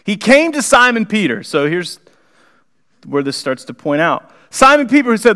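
A man preaching a conversational sermon in a church, animated and acting out the people in the story. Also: high-pitched, moderate pace. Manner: animated, conversational, acts out the characters. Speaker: pastor. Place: church sanctuary.

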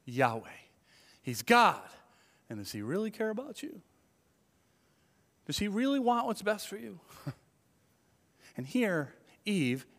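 A man's voice: a little high, a bit bright. A man preaching a sermon as pastor, talking in a conversational way and acting out the voices he quotes. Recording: long hall reverb.

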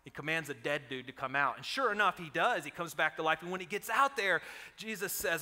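Male pastor, 30s, slightly high, bright voice, animated sermon delivery, reverberant hall. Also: a little fast. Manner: animated storytelling, rising loud on quoted commands.

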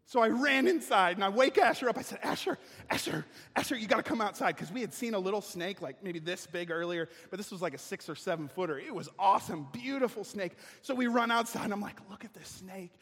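A male pastor preaching a sermon with a personal story, animated and acting out voices and sounds. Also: sits high, fast, few pauses, husky. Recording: church hall reverb.

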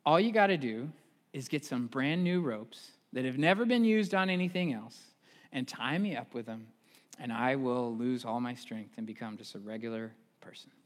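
A worn-out strongman giving in, his voice dropped low and quiet, as a preacher acts him out. He speaks plainly and without fight. The words hang in a long, ringing reverb. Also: animated, normal speed, lightly acted. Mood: resigned. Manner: low, subdued and resigned.

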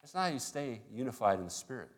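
A man's voice: mid-range voice, very animated, quick pace. A male pastor preaching a sermon in a conversational way, acting out little everyday dialogues.

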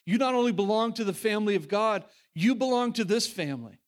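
A man preaching a sermon as the pastor of his church. He talks earnestly, with frequent restarts and repeated words, and he swings between emphatic lines and hushed ones. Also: sits high, lively intonation, quick pace.

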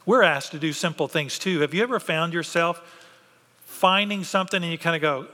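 Pastor, male, bright and high-voiced, animated sermon delivery in a reverberant sanctuary. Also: a little fast. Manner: animated, acts out biblical characters' voices. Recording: long hall reverb.

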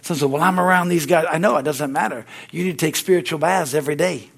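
A man's voice: fast talker, vocal fry, husky. A middle-aged man preaching a sermon in church, fervent, with repeated words and frequent amens. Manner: stories grow loud and high-pitched. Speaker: pastor.

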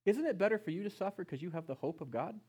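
A middle-aged man preaching a sermon, passionate, swinging between loud emphasis and hushed tones. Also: sits high, lively intonation, quick pace, husky. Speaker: pastor.

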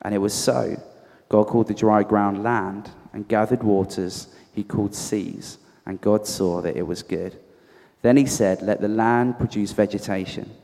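Low-voiced Southern American man reading scripture. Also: a little mellow. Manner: measured, deliberate reading. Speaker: scripture reader. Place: church hall. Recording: echoey church hall, off mic.

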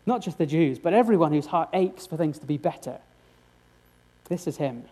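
Guy preaching, earnest, lots of questions to the crowd, warm mellow tone, bit high. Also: lively intonation, moderate pace. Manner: earnest, with rhetorical questions to the congregation. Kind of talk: sermon.

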